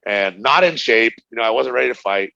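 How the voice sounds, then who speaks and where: Lively storytelling man, lo-fi and dry. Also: mid-range voice, fairly quick, creaky, no echo. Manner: animated storyteller, acts out quoted dialogue, laughs often. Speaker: interview guest, retired fighter. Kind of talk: casual storytelling interview.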